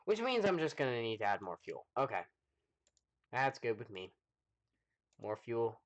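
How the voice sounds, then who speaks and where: A man's voice: medium pitch, big pitch swings, moderate pace, lo-fi sound. A man casually commenting on his gameplay during a live stream, thinking aloud with many ums and answering chat. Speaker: gaming livestreamer.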